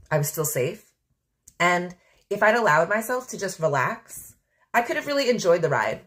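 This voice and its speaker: A woman with a lowish voice talks solo on her podcast in a loose, reflective way. She rambles candidly and leans heavily on filler words as she thinks aloud. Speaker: podcast host. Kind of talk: casual reflective monologue.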